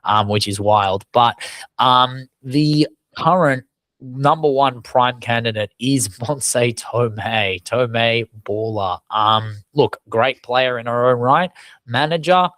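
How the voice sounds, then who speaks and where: Man, podcast co-host, lively and sweary, mid pitch, dry close sound. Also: takes it slowly, dry recording. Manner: animated, swears for emphasis, laughs often. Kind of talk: casual sports chat.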